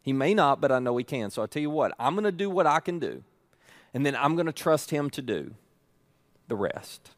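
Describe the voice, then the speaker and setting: A man's voice: mid-range voice, very animated, brisk, dry recording. Middle-aged male pastor, emphatic sermon delivery, mid-range voice, dry recording. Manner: earnest, emphatic preaching with repeated phrases.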